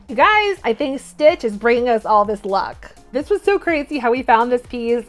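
A woman hosting a toy unboxing vlog, gushing and repeating her exclamations with squeals of delight. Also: high-pitched. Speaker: toy unboxing channel host.

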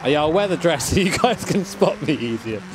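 This is live-stream gaming commentary from a man whose voice sits fairly high and moves a little fast and animated. Joking around and cursing a lot, he talks over the engine sounds of a racing game.

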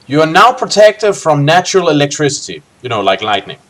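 Animated man reading a gamebook aloud. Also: on the high side, fairly quick. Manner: animated, expressive reading with joking asides. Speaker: let's play host.

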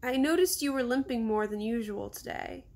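A woman voicing a big, thoughtful male silverback gorilla who speaks quietly and reflectively. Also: on the high side, normal speed, lightly acted. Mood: wistful.

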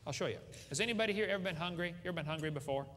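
A man's voice: on the high side, racing, fairly bright tone, a little hiss or hum. A middle-aged man preaching with folksy humor at a seminar, joking and asking the audience questions. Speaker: creationist speaker. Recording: hall reverb with faint ambience.

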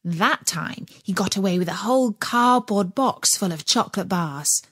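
A woman narrating a children's audiobook in an expressive storytelling way. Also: medium pitch, moderate pace, slightly rough, dry recording.

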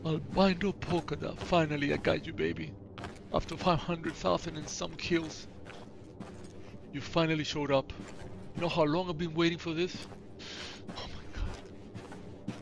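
A man's voice: on the high side, fairly even intonation, normal speed, vocal fry, noisy background. A man hosting gameplay commentary, gushing and over the top, repeating himself as he talks. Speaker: gaming channel host.

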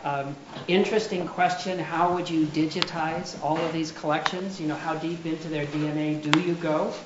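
A man hosts a lecture and introduces the speaker, pausing often with hesitant fillers. His voice is fairly high, heard in an echoey room through a muffled recording with faint noise. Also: fairly even intonation. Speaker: lecture series host.

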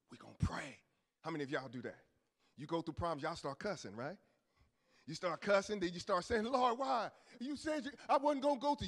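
A male pastor preaching a sermon, moving from low murmurs to shouted peaks, with casual asides and call-and-response to the congregation. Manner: colloquial preaching with church asides. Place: church sanctuary. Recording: long reverb of a church hall.

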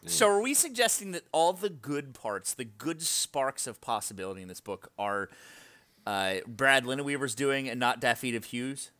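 Man, casual book chat, lively pitch, bright tone, dry close sound, joking asides. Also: no echo. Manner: animated, joking, quick asides. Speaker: podcast co-host.

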